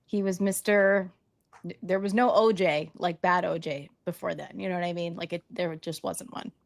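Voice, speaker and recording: A woman's voice: lowish voice, fairly even intonation, normal speed, gravelly. Chatty woman adding asides. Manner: chatty, adds asides and backchannels. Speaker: podcast co-host. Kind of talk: casual chat.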